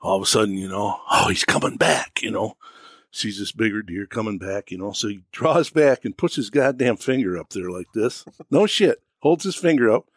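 A man's voice: fairly low pitch, moderate pace, no echo. An American man co-hosting a podcast, telling a long hunting story in a rambling way, peppered with "you know". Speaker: podcast co-host. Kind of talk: casual storytelling.

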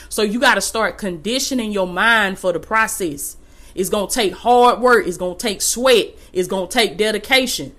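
A woman's voice: mid-range voice, a bit bright. A woman giving a faith-based motivational talk, exhorting listeners in a casual, colloquial way and repeating phrases for emphasis. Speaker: motivational speaker.

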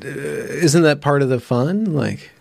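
A man's voice: fairly high pitch, a little slow, vocal fry, dry recording. A man hosting a casual chat in a playful, teasing manner. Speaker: podcast host.

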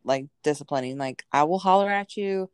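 A woman's voice: low-pitched, brisk, clear, resonant tone, dry recording, studio quality. A woman co-hosting a podcast in casual chat, speaking in an easygoing, conversational way and often agreeing with her partner. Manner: conversational, agreeable, frequent "yeah". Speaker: podcast co-host.

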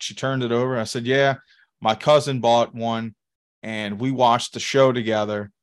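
A man's voice: mid-range voice, fairly even intonation, moderate pace, clear, resonant tone. A man, co-hosting a podcast in casual, profane chat and telling rambling stories with laughs. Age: 30s. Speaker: podcast co-host.

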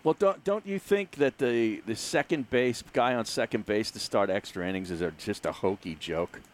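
A man's voice: on the low side, normal speed. A man co-hosting a sports talk show, chiming in with short agreements and asides. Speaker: show co-host.

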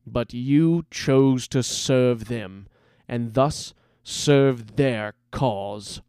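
A man's voice: medium pitch, mellow, no room sound, clean studio sound, natural voice. A man voicing Silas, a sly rebel mage. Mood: menacing. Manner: slow, sly and menacing. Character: cruel charismatic male rebel mage leader.

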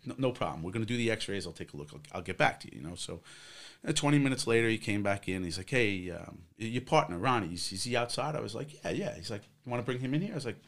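Man, middle-aged, lowish voice, ex-cop guest, rambling casual storytelling, lots of quoted dialogue. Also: lively intonation, fast, fairly bright tone. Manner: rambling, acts out others' quotes, many fillers. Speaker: guest, former police officer.

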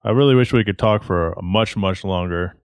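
A man hosting a podcast, asking casual, relaxed questions in a friendly way. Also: deep voice, a little fast, clear, resonant tone, no echo, studio quality. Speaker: podcast host. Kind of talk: casual interview chat.

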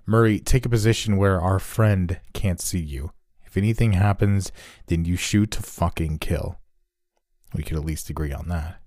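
A stern, tense woman police detective in a horror story reading, as a male narrator puts her on. She gives clipped, commanding orders in a low, mellow voice. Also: normal speed, dry recording, clean studio sound, natural voice.

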